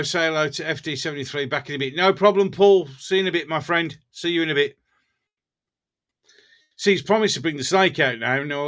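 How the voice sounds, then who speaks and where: Chatty Black Country man hosting a live stream, bright voice pitched a little high, jokey and laughing a lot. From English Black Country. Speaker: livestream host. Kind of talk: casual live chat reading comments.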